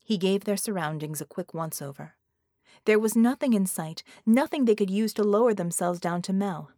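A woman narrating an audiobook in a steady, measured storytelling manner. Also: medium pitch, no room sound. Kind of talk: scripted narration.

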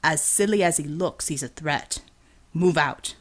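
A woman's voice: low voice, unhurried, pitched below the performer's own voice. A woman voicing a stern male squad leader giving clipped orders. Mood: commanding. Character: stern male squad commander, calm under fire.

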